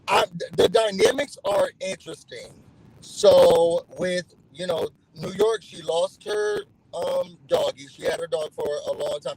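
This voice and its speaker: Animated, gravelly man recapping a show. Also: high-pitched, rough recording. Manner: animated storytelling, acting out quotes in other voices. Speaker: YouTube host recapping a reality show. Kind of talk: casual recap chat.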